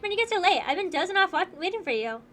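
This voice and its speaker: A woman's voice: very high voice, very animated, sharp tone, pitched above the performer's own voice, exaggerated voice. A woman voicing a brash, teasing young woman mercenary who drags her words out playfully. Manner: playful taunting, drawn-out words. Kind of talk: voicing game dialogue.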